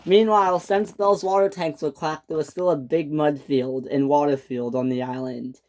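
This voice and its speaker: A woman's voice: deep voice, steady tone, moderate pace, a little mellow, dry recording. A woman narrating an improvised toy train story in a breathless, stumbling way.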